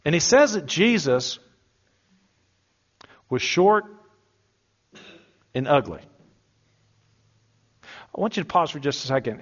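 A man preaching a sermon in a conversational, humorous way, slowing down to stress key words. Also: mid-range voice. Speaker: pastor. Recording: dull lo-fi sound.

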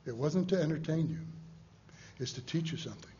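A man, a preacher, voicing Jesus as a calm, earnest teacher explaining a parable in a sermon. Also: on the high side, a little fast, highs cut off, slight background noise, voice pushed down, natural voice. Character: Jesus as gentle male storyteller teaching.

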